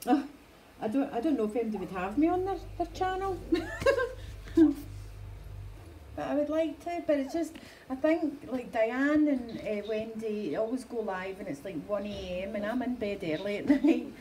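A woman's voice: a little high, expressive, normal speed, mellow, slight background noise, poor audio. A middle-aged woman with a Scottish accent chatting on a home livestream, rambling and laughing often as she talks into a phone. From Scotland. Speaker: dog breeder livestreaming. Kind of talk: casual livestream chat. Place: home, indoors.

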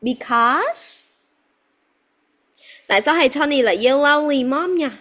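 High-voiced, slow teacher. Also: female voice, lively intonation, a bit bright. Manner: patient, repetitive yes-no questioning; mixes in Vietnamese phrases. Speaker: English teacher. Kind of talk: one-on-one English lesson with a child.

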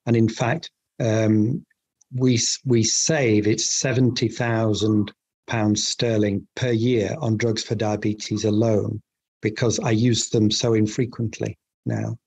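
Husky-voiced English doctor, earnest. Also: male voice, lowish voice, little pitch movement, a little mellow. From England. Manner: earnest, thoughtful, halting restarts. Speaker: GP guest. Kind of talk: casual interview chat.

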